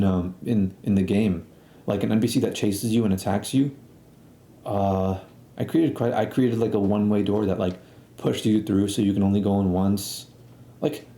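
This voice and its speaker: A young man telling a rambling, excitable storytime about summer camp, full of slang and fillers. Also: on the low side, roomy sound. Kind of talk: casual storytime.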